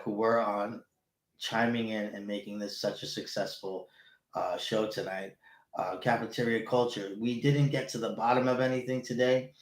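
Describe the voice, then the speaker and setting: A man hosting a casual chat show, animated and rambling, swearing freely. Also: lowish voice. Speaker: show host. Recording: roomy echo.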